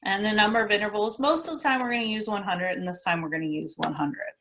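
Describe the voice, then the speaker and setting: A woman's voice: medium pitch, fast, a bit bright, slight background noise. A woman teaching a recorded class lesson, walking through formulas methodically and repeating the key steps in a casual instructor tone. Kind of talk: recorded classroom lecture walkthrough.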